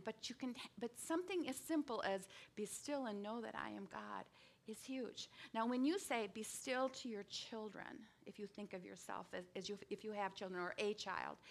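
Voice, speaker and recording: A woman in her sixties giving a conversational sermon with frequent restarts and lively bursts. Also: on the high side. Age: 60s or older. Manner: conversational, with many restarts and sudden bursts of animation. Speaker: speaker giving a devotional talk.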